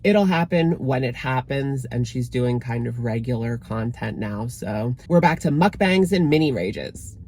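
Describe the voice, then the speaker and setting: A man's voice: a little high, darkish tone. Male commentary host, casual delivery, dry sarcastic bite. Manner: sarcastic, dismissive.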